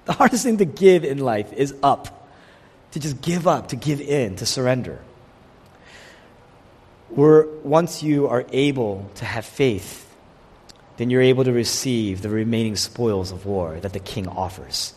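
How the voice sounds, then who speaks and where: Husky preacher in a reverberant hall. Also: male voice, mid-range voice, measured pace. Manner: animated preaching, quotes figures in voiced asides. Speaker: pastor. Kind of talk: sermon.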